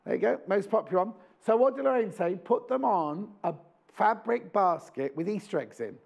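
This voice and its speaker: A man's voice: high voice, animated, moderate pace, creaky, darkish tone. A man presenting on a live shopping channel, chatting with enthusiasm and jokes. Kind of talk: live TV sales chat. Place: TV studio.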